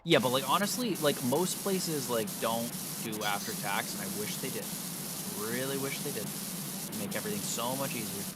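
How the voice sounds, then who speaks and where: A man's voice: mid-range voice, expressive, normal speed, very noisy. A man streaming and chatting casually while he plays, ranting with plenty of swearing as he works himself up. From United States. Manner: ranting, profane, gets worked up. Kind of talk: casual live-stream chat while gaming.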